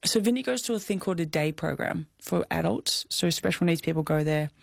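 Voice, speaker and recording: A woman's voice: fairly low pitch, fairly quick, vocal fry, no room sound. A young Australian woman telling a personal story in an interview, candid and heartfelt, close to tears. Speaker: guest.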